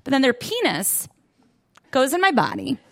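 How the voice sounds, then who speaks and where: High, lively woman doing stand-up. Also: moderate pace, some chatter behind. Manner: self-deprecating, animated, laughs through lines. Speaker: stand-up comedian. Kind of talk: stand-up set. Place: comedy club stage.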